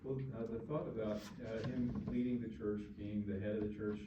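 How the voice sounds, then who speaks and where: A man on a discussion panel, speaking hesitantly in halting sentences with many pauses. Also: fairly low pitch, fairly even intonation. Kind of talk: casual discussion. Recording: distant, roomy, dull, noisy.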